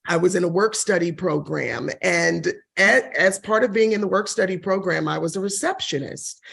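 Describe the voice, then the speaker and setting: A woman in her forties, a real estate broker and TV host, telling her career story in an interview, expressive and quick to laugh. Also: gravelly, husky. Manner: expressive, laughs often, shifts pitch when quoting others. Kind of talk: interview answer, personal story.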